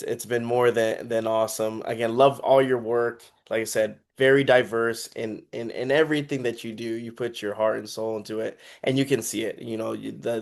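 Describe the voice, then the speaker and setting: A man's voice: mid-range voice, vocal fry. Enthusiastic male interview host. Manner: enthusiastic, effusive praise. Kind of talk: casual interview.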